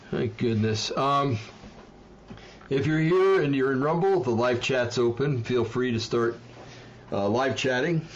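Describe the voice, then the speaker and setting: A man from New Jersey talks on his own livestream at a middle pitch, rambling and worked up, full of fillers and apologies. The audio is slightly dull and lo-fi, with a faint hiss behind him. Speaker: livestream host. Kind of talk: casual livestream commentary.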